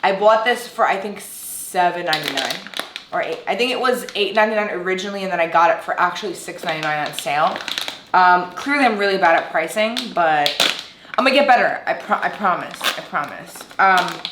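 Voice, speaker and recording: Speaking fairly quickly in a roomy, noisy setting, this young vlogger from Brooklyn, New York, has a fairly low, expressive voice. She reviews coffee, and food generally, in a loose, rambling style, with occasional self-teasing and sing-song greetings.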